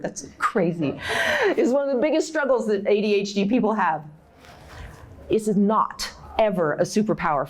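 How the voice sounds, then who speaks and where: Lively, expressive woman giving a workshop talk. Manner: animated, acts out inner voices with big pitch jumps; direct and encouraging, with laughs. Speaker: conference speaker. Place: conference room.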